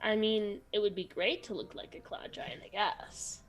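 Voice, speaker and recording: Man playing a skeptical young adventurer, high voice, faint music behind. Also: steady tone, moderate pace, fairly bright tone.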